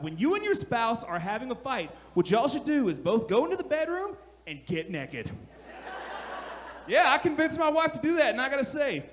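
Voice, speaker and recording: Brash male stand-up comic, high and animated delivery, live club recording with audible room noise. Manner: brash, animated storytelling with shouted punchlines. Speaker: stand-up comedian. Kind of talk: stand-up comedy set. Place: comedy club stage. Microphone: handheld stage mic. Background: audience laughter.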